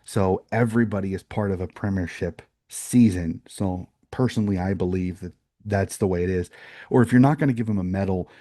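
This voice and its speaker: A man's voice: deep voice, fairly quick, mellow, no echo, studio quality. A man co-hosting a sports podcast, chatting casually and rambling through opinionated points with frequent restarts. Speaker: podcast co-host.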